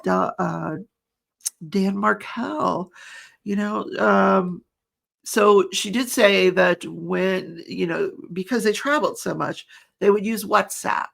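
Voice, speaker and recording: Middle-aged lady rambling through a trial recap, bit of vocal fry, laughs a lot. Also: medium pitch, slow, fairly bright tone. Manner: chatty, rambling, laughs often. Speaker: true crime commentator.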